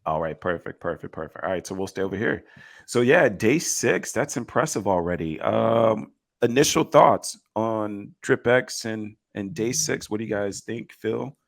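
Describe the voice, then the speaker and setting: Low-voiced man hosting a crypto chat. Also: lively intonation, normal speed, creaky. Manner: upbeat, running the segments. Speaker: co-host. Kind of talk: casual panel chat.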